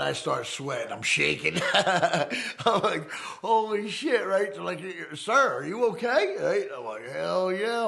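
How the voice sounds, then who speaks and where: A middle-aged man from the United States, an ex-convict telling his life story in a casual, profane, animated way, acting out the voices he quotes. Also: medium pitch, vocal fry.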